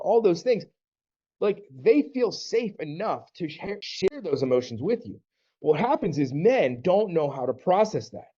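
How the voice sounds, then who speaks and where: A fairly high-voiced man from the American South coaches other men in an earnest, conversational way, often slipping into short acted-out exchanges. His tone is mellow and warm. The audio is a little dull and lo-fi. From Southern United States. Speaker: men's divorce coach. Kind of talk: direct-to-camera coaching talk.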